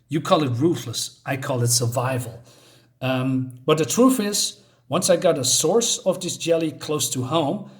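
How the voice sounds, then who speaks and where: A man with a slightly higher-than-usual voice talks through a comic book issue in a relaxed, rambling way. He stumbles and restarts often, with plenty of fillers along the way. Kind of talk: casual comic walkthrough.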